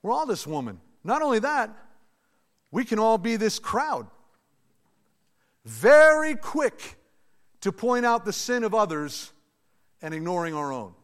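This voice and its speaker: A man preaching a sermon to his church, in a lively, conversational way with asides to the congregation. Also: high-pitched, slow pace, long pauses. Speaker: pastor. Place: church sanctuary. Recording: long reverb of a large hall.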